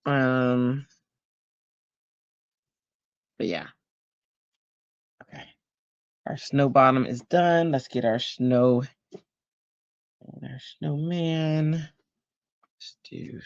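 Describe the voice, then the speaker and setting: A man's voice: mid-range voice, takes it slowly, vocal fry, pauses often, no room sound, dull audio. A man, chatting casually and rambling with lots of fillers while he makes cards on a livestream at home. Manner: chatty, rambling, greets viewers, many fillers. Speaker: card-making livestream host.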